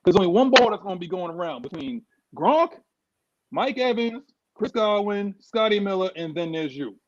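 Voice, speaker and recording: A fired-up man from New York sounds off on his team, his voice sitting high for a man. He speaks with heavy emphasis and keeps repeating himself. The recording is dry and a little muffled. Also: lively intonation, normal speed, no echo. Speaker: sports show co-host. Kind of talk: heated casual sports talk.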